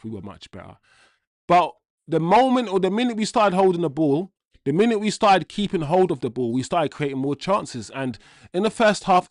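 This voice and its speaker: A man's voice: on the high side, dry recording, clean studio sound. A young man hosting a live football watchalong, chatting casually with slang and reading out viewers' comments. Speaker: host.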